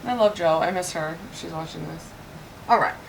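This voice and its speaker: A young woman in casual, excitable chat to camera while mixing a drink in her apartment kitchen. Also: on the low side, normal speed, gravelly, very noisy. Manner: chatty and excitable, rambling asides. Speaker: vlogger. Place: cold home apartment kitchen.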